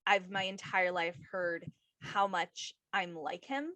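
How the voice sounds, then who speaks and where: A woman's voice: lowish voice, takes it slowly, bright, forceful tone, no room sound. A woman hosting a podcast, chatting casually in an effusive, openly emotional way. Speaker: podcast host. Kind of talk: casual interview chat.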